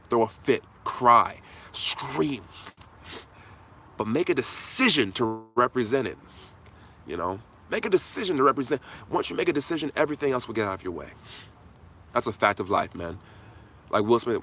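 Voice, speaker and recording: Host, male, lowish bright voice, fervent motivational rant, faint background hum. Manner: impassioned, repetitive, casual "man" fillers. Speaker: channel host answering viewers. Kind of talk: live motivational Q&A.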